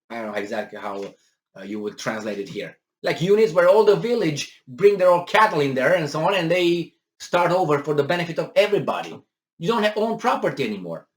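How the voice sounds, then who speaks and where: Indignant man ranting over a news article. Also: high-pitched. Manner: animated, indignant, sarcastic, many fillers and restarts. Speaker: commentary video host. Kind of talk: political commentary reading a news article.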